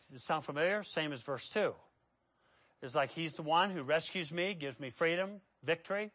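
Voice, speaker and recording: A pastor delivers a sermon with a repetitive cadence, climbing to loud, emphatic peaks before sinking into a low, quiet delivery. He's expressive and keeps a moderate pace.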